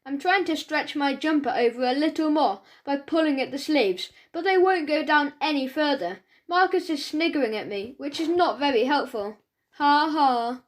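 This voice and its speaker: High-voiced woman narrating a children's audiobook. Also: lively intonation, moderate pace, hardly any pauses. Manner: chatty first-person storytelling as a schoolboy.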